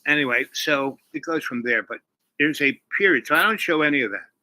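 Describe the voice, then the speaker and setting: A man's voice: fairly high pitch, lively intonation, brisk, pushed and bright, dry recording, rough recording. A man casually retelling a movie plot, rambling with many fillers and restarts. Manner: rambling, full of "you know" and restarts. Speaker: channel host.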